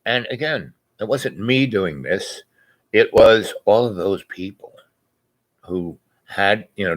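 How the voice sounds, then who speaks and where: A man's voice: deep voice, fairly bright tone. A man talking casually to his viewers, wandering through a story with lots of fillers, restarts and small laughs. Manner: laughs often mid-sentence. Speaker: vlogger. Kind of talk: casual rambling monologue.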